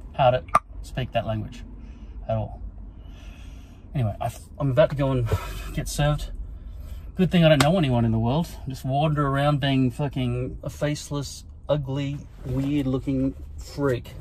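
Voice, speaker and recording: A man rambles into his phone camera, tired and sleep-deprived, swearing and running himself down. His voice sits at an ordinary middle pitch, with faint noise from around him. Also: a little mellow, rough recording. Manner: profane, self-deprecating, mumbling asides. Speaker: vlogger. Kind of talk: rambling self-recorded rant.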